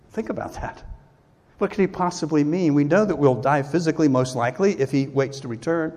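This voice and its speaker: A man's voice: a little high, expressive, a little fast, a little mellow. A man preaching a sermon, earnest and emphatic, acting out the people he quotes. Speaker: pastor. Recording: long hall reverb.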